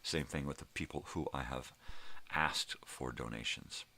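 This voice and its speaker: A middle-aged man with an extremely low, gravelly voice rants through his morning vlog. His tone is forceful and a little raspy, and his rambling talk is full of swearing. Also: unhurried. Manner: profane, rambling, ranting. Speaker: vlogger host. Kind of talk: casual morning rant.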